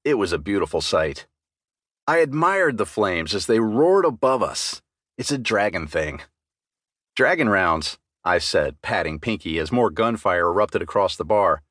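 A man's voice: fairly low pitch, very animated, normal speed, a bit bright, dry recording, studio quality. A man narrating a fantasy audiobook in first person with dramatic storytelling.

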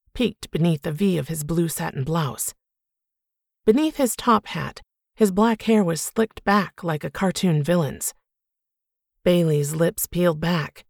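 Low, gravelly woman narrating. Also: a little mellow, no echo, clean studio sound. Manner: measured, reflective storytelling. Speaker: audiobook narrator. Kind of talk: first-person audiobook narration.

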